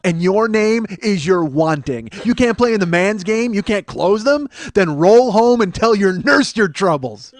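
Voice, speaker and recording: A man acts out a brash male sales boss who bullies and barks with crude swearing. His voice sits fairly high and rises into shouted orders. The sound is dry and close, with no room around it. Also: lively intonation, measured pace, few pauses, no echo. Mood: bullying. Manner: barking, bullying, profane pep-talk.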